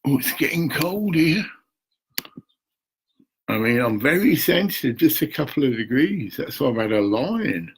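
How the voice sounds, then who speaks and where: A man's voice: mid-range voice, big pitch swings, unhurried, pauses often, a little hiss or hum, low-quality recording. An older man, rambling and muttering to himself at home while talking to camera, swearing now and then. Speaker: vlogger.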